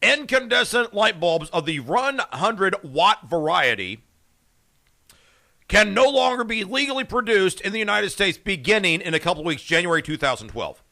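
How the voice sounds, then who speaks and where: A man hosting a morning radio show, excitable and jokey with rapid asides. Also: sits high, gravelly. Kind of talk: casual radio chat.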